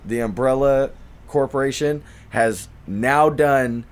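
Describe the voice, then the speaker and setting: A young man co-hosting a podcast in casual chat, excitable and cursing, with quick restarts. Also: medium pitch. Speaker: podcast co-host.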